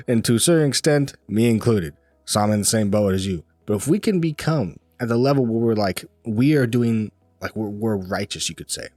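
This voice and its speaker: A man's voice: mid-range voice, a little mellow, no room sound. A man giving a casual, rambling faith-based pep talk, repeating himself and restarting sentences. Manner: rambling, repetitive, restarts often, laughs lightly. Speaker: motivational vlogger.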